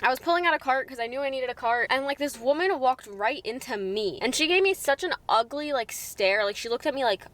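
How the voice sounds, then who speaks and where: A woman's voice: fairly high pitch, a bit bright. A young woman vlogging from her car, chatting with lots of fillers, upset and close to tears. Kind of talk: casual vlog chat. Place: in a parked car.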